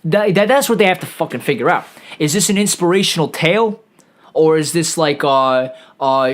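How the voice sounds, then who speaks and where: A man's voice: on the high side, brisk. A man streaming a rambling, profane comedic rant, full of stammered restarts and swearing.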